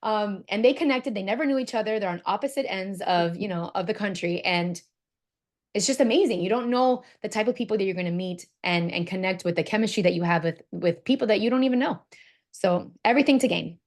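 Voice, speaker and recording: A woman hosting a self-care workshop, talking in an encouraging, animated way and retelling stories. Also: mid-range voice, fairly quick. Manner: animated, encouraging, storytelling with quoted voices. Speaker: workshop host. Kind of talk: enthusiastic workshop talk.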